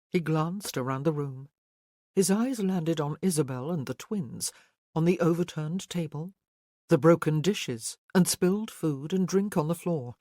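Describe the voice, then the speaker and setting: An audiobook narrator telling a historical romance in a measured, even way. The pitch sits in the middle, and the recording is close and completely dry. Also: dry recording.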